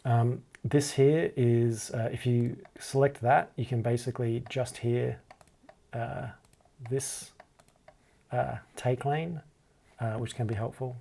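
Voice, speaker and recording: A man with a gravelly, fry-laden voice walks through a music editing tutorial in a loose, casual way. He hesitates a lot, stacks up ums and restarts, and often trails off. His pitch sits right in the middle for a man. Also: fairly even intonation, takes it slowly, warm tone. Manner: hesitant, many ums and restarts, self-deprecating. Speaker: music producer teaching a DAW. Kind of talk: casual screen-recorded tutorial.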